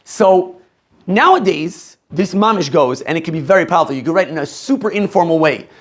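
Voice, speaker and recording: Animated high-voiced rabbi lecturing a class. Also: male voice, fairly quick. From Maryland, USA. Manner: animated, questions the room, laughs often.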